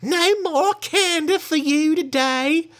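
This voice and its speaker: A man voicing a foolish, scornful woman tourist in a high, shrill falsetto, drawn out and gushing. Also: takes it slowly, a bit bright, full character voice.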